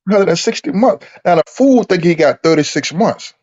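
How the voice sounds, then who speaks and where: Man, casual storytelling, animated, profane, muffled lo-fi sound. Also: high voice, a little fast. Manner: animated, profane, laughing while telling. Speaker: podcast co-host telling a story. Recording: dull lo-fi recording.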